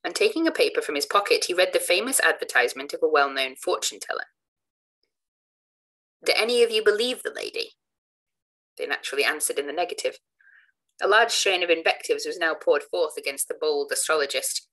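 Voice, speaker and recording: A woman narrating an old Gothic novel in a steady, formal reading voice. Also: sits low, fast, poor audio. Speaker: audiobook narrator.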